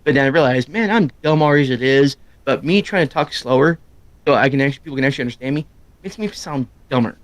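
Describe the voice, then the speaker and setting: A middle-aged man chatting casually on a live stream, loud and quick, rambling from story to story. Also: mid-range voice, no echo. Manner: loud, fast-talking, rambling. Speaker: streamer co-host. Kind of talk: casual chat.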